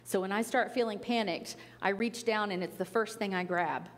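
A woman gives a spiritual talk, earnest and conversational, now and then playful. Her voice sits at a middle pitch and rings out with a long reverb, as if in a hall. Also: normal speed. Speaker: spiritual teacher. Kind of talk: sermon-style talk.

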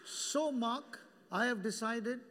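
Man preaching, high voice, lively, teasing the congregation, long hall reverb. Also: takes it slowly. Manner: animated, jokes with the congregation by name. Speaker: pastor. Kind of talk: sermon. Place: church hall.

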